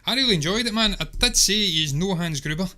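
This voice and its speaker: A man's voice: high voice, lively intonation, fast, bright, forceful tone. A man co-hosting a casual movie review podcast, talking emphatically and at length. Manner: emphatic, chatty, rambling. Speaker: podcast co-host.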